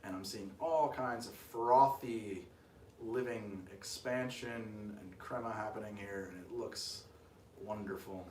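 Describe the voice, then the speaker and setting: A man's voice: fairly low pitch, takes it slowly, darkish tone, echoey room, far from the mic, a little hiss or hum. A man hosting a cocktail show, chatting casually on a live stream as he makes a drink, with rambling, self-deprecating asides.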